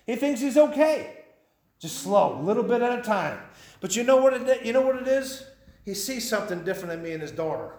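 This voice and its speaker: Fiery high-voiced preacher in an echoey room. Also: male voice, very animated, brisk, a little mellow. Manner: fiery and pleading, with a folksy drawl. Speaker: pastor. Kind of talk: sermon.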